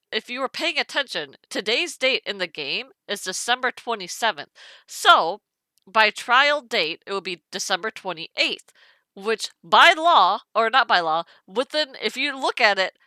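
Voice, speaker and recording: A woman's voice: on the high side, sharp tone, clear, resonant tone, no room sound, studio quality. A woman streamer chatting casually and rambling through her reasoning while she plays a game. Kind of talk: casual gameplay commentary. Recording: music playing behind.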